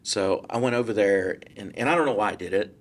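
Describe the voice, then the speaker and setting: A man's voice: lowish voice, brisk. A man, a guest real estate broker telling a story casually and acting out the quotes in changing voices. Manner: animated, acts out quotes in different voices.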